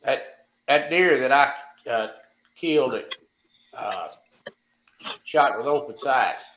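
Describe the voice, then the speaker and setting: A man's voice: medium pitch, animated, slow pace, fairly bright tone. A man talking in an easygoing, casual way, adding his own short hunting stories. The room around him rings with echo. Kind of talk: casual chat. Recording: echoey room.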